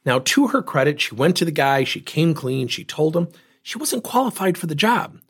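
A man in his fifties and a coach, giving an emphatic motivational talk full of animated storytelling. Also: a little high, normal speed, husky. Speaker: speaker and coach.

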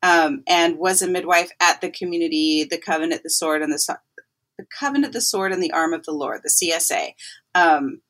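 A woman with a slightly low voice hosts a podcast in casual conversation. She tells stories in a quick, emphatic, animated way. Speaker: podcast host. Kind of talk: casual chat.

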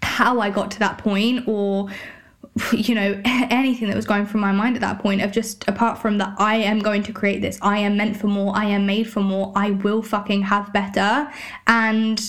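A woman's voice: mid-range voice, flat delivery, moderate pace. A British woman hosting a solo podcast, talking candidly with lots of swearing and many "like" and "you know" fillers. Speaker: podcast host.

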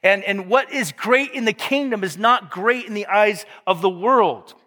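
A man preaches in a high voice, breaking off into casual jokes and correcting himself mid-sentence. His tone stays easygoing and talky rather than formal. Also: a little slow, pushed and bright, big-room sound. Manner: conversational, joking asides, self-correcting. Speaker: pastor. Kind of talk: sermon.

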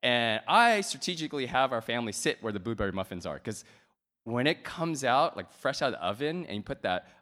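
A man in his thirties preaching a sermon, telling a playful story with lively swings between loud and soft. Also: medium pitch, brisk, long reverb tail. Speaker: pastor.

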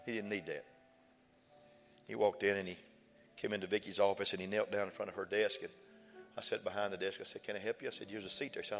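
A man on the low side talks a little fast but leaves long pauses while recounting a personal story in his sermon. As a pastor, he leans on folksy, emphatic repetition. The sanctuary adds church hall reverb, with faint music audible.

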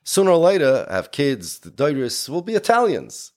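A man's voice: a little high, wildly swooping pitch, normal speed. Emphatic man lecturing. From United States. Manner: emphatic and explanatory, with many Yiddish and Hebrew words. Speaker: speaker.

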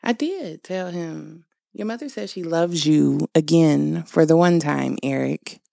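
A woman's voice: deep voice, unhurried, creaky, mellow, dry recording, studio quality. A woman hosting a podcast, chatting casually and bossing her family around while she tests her microphone. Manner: chatty, laughing, bossy with family. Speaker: podcast host.

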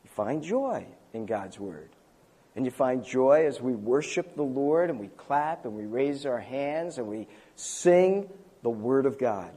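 Older male preacher, conversational sermon with lively pitch swings, folksy asides. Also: a little slow. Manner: conversational, self-deprecating storytelling with chuckles. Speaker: pastor. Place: church.

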